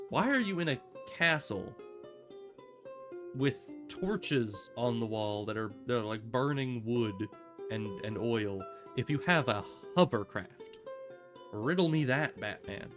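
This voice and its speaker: A man's voice: medium pitch, lively intonation, slow pace. A man streaming a game, giving casual sarcastic commentary with rambling asides, over guitar music.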